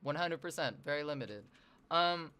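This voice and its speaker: A streamer from the Northwestern US, chatting casually with viewers, animated and self-deprecating, swearing freely. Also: mid-range voice, normal speed, clean tone.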